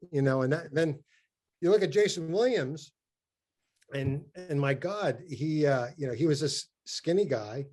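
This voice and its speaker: A man's voice: fairly high pitch, animated, darkish tone. A man, a former college basketball player, telling stories on a podcast video call, stumbling and repeating words as he talks. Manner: halting, repeats words, mimics his old coach. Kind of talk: casual storytelling on a video call.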